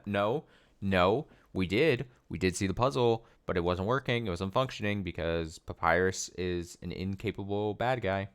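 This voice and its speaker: A man's voice: sits low, moderate pace, a little hiss or hum. A young man casually commenting on his gameplay, rambling and sarcastic with many fillers. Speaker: let's play host.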